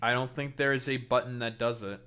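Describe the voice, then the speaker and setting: A Canadian man with a mid-range, bright, clear and resonant voice streams a game, chatting casually at a slightly quick clip. His intonation stays fairly even and his tone is forceful as he rambles and swears offhandedly.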